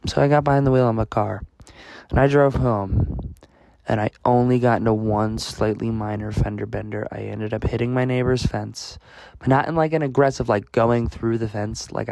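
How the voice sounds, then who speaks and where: In a dry recording, a young man from the United States speaks with a lowish, darkish voice and vocal fry. He tells a rambling, self-mocking story for a casual vlog, heavy on fillers and restarts.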